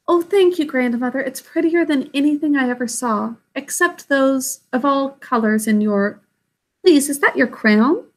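Woman reading a young princess, high voice, eager exclamations, sweet. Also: moderate pace, natural voice.

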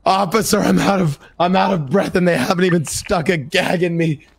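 Man doing a frantic high-voiced mayor. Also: fairly quick, creaky, husky, full character voice. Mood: pleading. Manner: frantic, pleading, comically overwrought. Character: panicky blindfolded male mayor, melodramatic and pleading. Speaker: kidnapped mayor in a role-play. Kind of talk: game role-play.

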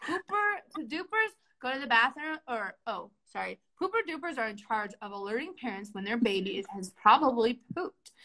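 A young woman with a high, bright voice runs a live-streamed comedy bit. She plays a chipper orientation leader, all bubbly mock cheer. Her delivery stays upbeat and a little over the top. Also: sing-song, brisk, few pauses. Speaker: comedy host playing a Disney World career orientation leader.

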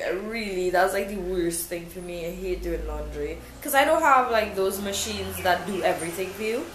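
A woman's voice: fairly low pitch, fairly bright tone. A young woman chatting casually to camera at home, rambling with many ums and restarts in a self-described pompous-sounding voice. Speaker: vlogger. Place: living room at home. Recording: roomy room with faint background noise.

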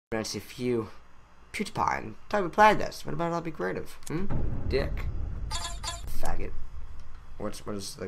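A man doing let's-play commentary, excitable with sudden shouted outbursts. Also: lowish voice, gravelly, breathy edge. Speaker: gaming commentator.

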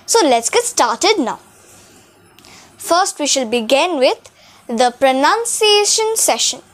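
Careful female tutor, high voice, unhurried, stretches example words. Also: sing-song, a bit bright. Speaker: French tutor. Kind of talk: beginner language lesson. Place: room with a whiteboard.

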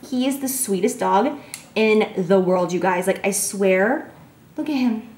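A woman's voice: on the high side, unhurried, reverberant. Bubbly, gushing young woman vlogger. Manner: gushing, bubbly, heavy use of "like". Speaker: beauty vlogger answering fan questions. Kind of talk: casual chat.

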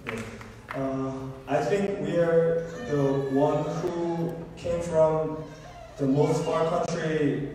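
Halting Korean-accented man in a church. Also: a little high, fairly even intonation, mellow. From South Korea. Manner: halting, slow, careful non-native English. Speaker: visiting gospel singer. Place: large church sanctuary before a congregation. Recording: echoey church hall, distant mic, crowd.

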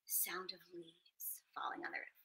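A woman's voice: fairly low pitch, moderate pace, breathy edge, in a whisper, poor audio. Playful woman hosting children's storytime. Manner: animated, playful, with sound effects. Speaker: children's show host and storyteller. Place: small apartment at home.

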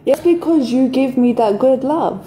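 A woman's voice: sits high, lively intonation, normal speed, mellow, slight background noise. A woman chatting with her partner on a casual livestream, light, laughing and affectionate. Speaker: co-host, partner.

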